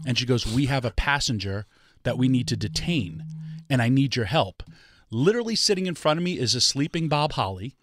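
A man tells a story in easy casual chat, lively and quick to laugh. His voice sits at a middle pitch and sounds dry and close to the mic. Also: no room sound. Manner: animated storyteller, laughing often. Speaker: guest storyteller.

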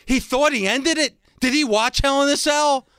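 A man's voice: very high-pitched, moderate pace, a bit bright. Sarcastic man mocking a promo. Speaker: podcast host. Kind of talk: casual commentary.

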